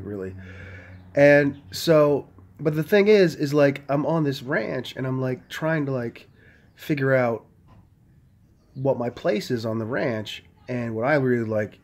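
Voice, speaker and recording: A man talking casually into a handheld phone camera, rambling, full of "like" and frequent swearing. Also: mid-range voice. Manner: rambling, heavy on "like", swears freely. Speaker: vlogger.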